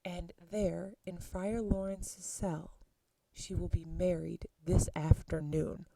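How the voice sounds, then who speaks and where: A woman voicing a protective older nurse who scolds and warns in a dry, mellow voice. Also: fairly low pitch, flat delivery, takes it slowly, creaky, no room sound, full character voice, poor audio. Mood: warning. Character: flustered protective old female nurse.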